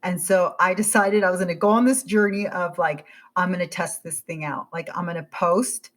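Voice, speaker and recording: A woman in her forties, a podcast guest, telling her story in a casual, animated way and acting out her own thoughts. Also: fairly low pitch, moderate pace. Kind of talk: casual interview chat.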